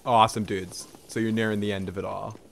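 A man's voice: on the low side, level tone, quick pace, vocal fry, slight background noise. A young man casually commenting on his gameplay, laid-back and profane, rambling as he plays. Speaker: gaming channel host. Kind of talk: casual let's play commentary.

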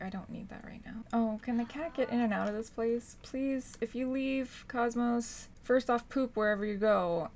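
Young female gameplay host, bright excitable delivery, lively swooping pitch. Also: a little hiss or hum. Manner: excitable, squeals and gushes. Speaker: gaming channel host. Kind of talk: casual gameplay commentary.

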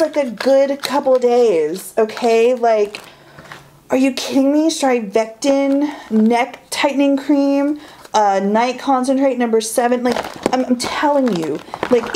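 A woman chatting excitedly through a beauty haul, gushing and saying "like" and "y'all" a lot. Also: a little high, noisy background. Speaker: beauty vlogger. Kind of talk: casual haul chat.

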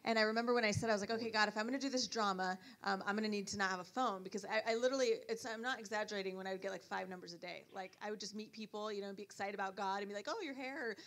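A woman giving her testimony in church, with a bright, crisp voice. She rattles off her story quickly and lively, voicing each person as she goes. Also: mid-range voice. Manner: animated storytelling with quoted dialogue. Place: church service.

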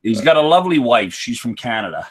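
A man appearing as a guest on a casual live whisky stream, answering in a dry, deadpan way and greeting viewers by name. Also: mid-range voice, fast, slightly rough.

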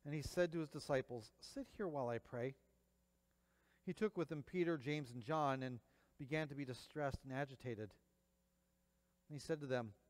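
A man reading scripture aloud and preaching, acting out the quoted lines dramatically. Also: a little high. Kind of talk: Bible reading and sermon. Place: church. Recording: long church reverb.

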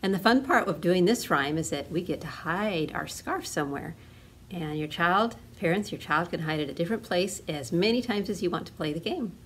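With an animated, fairly low voice, a librarian reads a picture book to families at storytime and regularly pauses for gentle asides to the children. There's a faint hiss under her reading.

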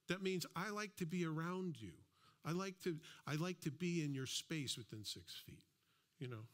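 A man preaching a sermon in a casual, conversational way, reading scripture slowly and acting out little everyday exchanges. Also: on the high side, a bit bright. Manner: conversational, plays out little imagined dialogues; slows down to read scripture aloud. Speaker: pastor.

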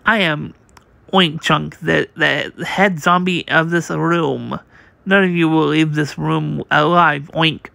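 A man's voice: on the high side, fairly even intonation, slow, creaky, bright, forceful tone, no room sound, full character voice. A man reading aloud as a boastful, threatening male pig zombie who rules a room. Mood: menacing.

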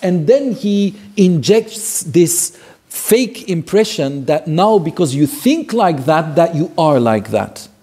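A man with a fairly high but warm, mellow voice and a husky edge teaches a Quran commentary lesson. He retells old stories earnestly, repeats key phrases for weight and drops Arabic phrases into his teaching. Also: big pitch swings, slow.

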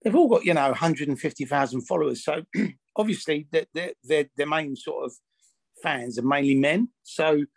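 This actor and film producer speaks at a moderate pace in a somewhat high, creaky voice, with no echo in the recording. Being interviewed candidly, he tells stories bluntly and rambles, restarting often and leaning on fillers.

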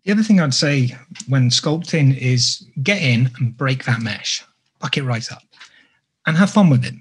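A man's voice: medium pitch, lively intonation, normal speed, slightly rough. A man giving a live sculpting tutorial, chatty and self-deprecating, drifting into jokey asides. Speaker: sculpting instructor.

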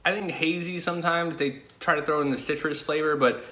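A man's voice: fairly high pitch, fairly even intonation, brisk, sharp tone. A man as guest in a casual chat, talking in a loose, rambling way. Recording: echoey room with faint noise.

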